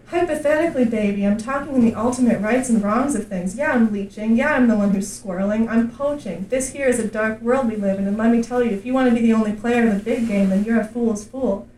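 A man's voice: extremely high pitch, fast, hardly any pauses, a little mellow, roomy sound, recorded from a distance, slight background noise, low-quality recording. A woman reading the part of a brash, chatty man on a bus who rambles in slang and calls everyone buddy.

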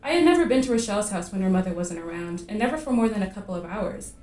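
A woman reading her own fiction aloud at a live literary reading, measured and vivid in her storytelling. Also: mid-range voice, lively intonation, a little mellow, recorded from a distance. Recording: echoey room at a live reading.

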